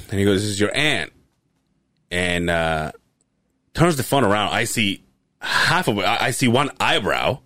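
A man's voice: moderate pace, dry recording, clean studio sound. A man co-hosting a casual podcast, telling family stories with lots of swearing and acting out his relatives' lines. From abroad, moved to the country in 2001. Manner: animated storytelling, swearing, acts out relatives in high voices. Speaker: podcast co-host. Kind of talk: casual chat.

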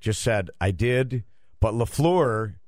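A man's voice: on the low side, expressive, takes it slowly, a little mellow, no room sound, clean studio sound. A man co-hosting a radio show, rambling defensively in casual banter. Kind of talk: casual chat.

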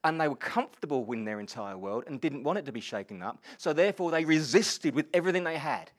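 Lively preacher, fairly high voice, quizzes the congregation. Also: male voice, fast. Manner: animated, asks the congregation questions. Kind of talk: sermon.

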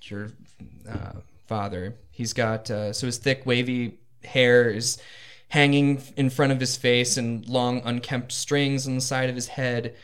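A man's voice: mid-range voice, fairly even intonation, measured pace, clear, resonant tone. A man narrating a tabletop game as game master, hesitant and full of ums.

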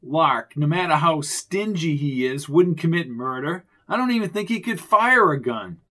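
Wry male investigator voiced by a man, dry, quippy, fairly high voice, audiobook character. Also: animated, normal speed, pushed and bright.

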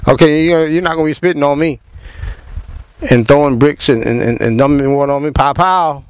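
A man's voice: fairly high pitch, fairly even intonation, a little fast, a little mellow, smooth, no echo, poor audio. A man giving impassioned commentary in an emphatic, preachy way, firing rhetorical questions at the listener and repeating words as he gets going. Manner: repeats words when fired up.

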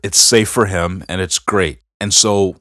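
A man's voice: low-pitched, fairly even intonation, measured pace, a bit bright, no echo, clean studio sound. A middle-aged man co-hosting a casual faith podcast, telling family stories in an earnest, rambling way with many fillers. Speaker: podcast co-host.

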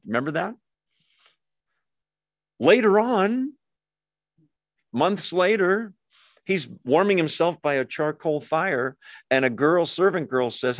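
A man leading a Bible study in an earnest, conversational way, pausing over his notes with fillers and acting out quoted speech. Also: on the high side, very animated, fairly bright tone, dry recording.

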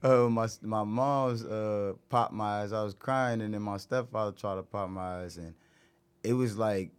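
A man guest on a podcast, speaking in a reflective, halting way with many restarts and AAVE phrasing. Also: lowish voice, clear, resonant tone. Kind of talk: casual chat.

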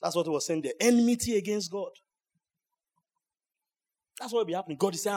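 Pastor preaching, high voice. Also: male voice, fairly quick. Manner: preaching with swings from hushed asides to loud shouts. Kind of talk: sermon. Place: church service.

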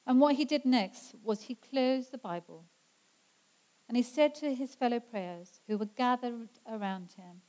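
A woman preaching a sermon, her voice sitting slightly high. She speaks with earnest conviction and slows down to stress the scripture passages. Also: a little mellow, poor audio. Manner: earnest, slows down for emphasis when quoting scripture.

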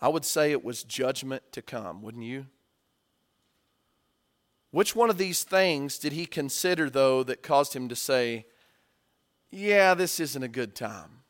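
A male preacher delivering a sermon, swinging from hushed asides to loud, acted-out story lines. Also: mid-range voice, expressive, unhurried, long pauses.

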